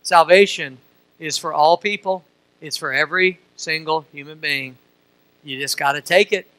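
A middle-aged man from Missouri preaching a sermon as pastor. He uses call-and-response questions and swings from soft to loud. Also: on the high side, normal speed, no echo, poor audio.

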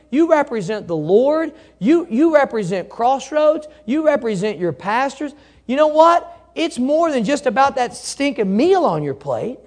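A man preaching a sermon in a noticeably high voice. He talks in a folksy, animated way, teasing himself and acting out the people in his stories. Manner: animated, folksy, laughs at himself, acts out shouting drivers. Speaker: pastor.

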